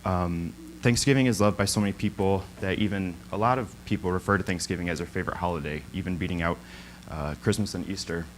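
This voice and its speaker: A young man with a low voice talks fast as a guest at a church, telling a story in a loose, informal sermon. He's chatty, says "um" a lot, and laughs often. The audio is poor, with slight background noise.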